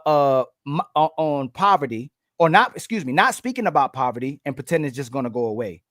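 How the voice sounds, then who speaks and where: A man's voice: on the high side, no echo, studio quality. A man co-hosting a panel debate, making emphatic points in long runs of repeated phrases. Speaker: panel co-host.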